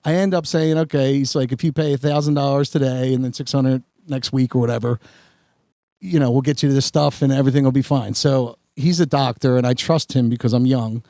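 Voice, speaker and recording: A man's voice: mid-range voice, steady tone, a little fast, mellow, no room sound. Podcast host, man, self-mocking rambler, dry close sound. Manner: rambling, self-mocking anecdote with filler words. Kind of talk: casual storytelling chat.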